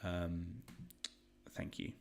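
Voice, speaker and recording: A man's voice: sits low, monotone, very slow, vocal fry, darkish tone, slight background noise. A man around thirty, hosting a live online quiz in a chatty, rambling, joking way. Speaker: quiz host.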